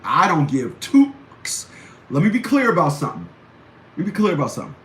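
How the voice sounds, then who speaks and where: A male show host with a fairly high, bright voice that swoops wildly in pitch talks fairly quickly in blunt, combative ranting commentary. He hammers his points home by repeating phrases, with roomy echo and faint background noise in the recording.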